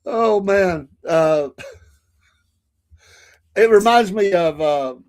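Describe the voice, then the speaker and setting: A man co-hosting a relaxed talk show, his voice sitting a little higher than most men's. He spins long anecdotes and laughs his way through them. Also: extremely slow. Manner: storytelling, laughs often, acts out quoted voices. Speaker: podcast co-host. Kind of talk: casual chat.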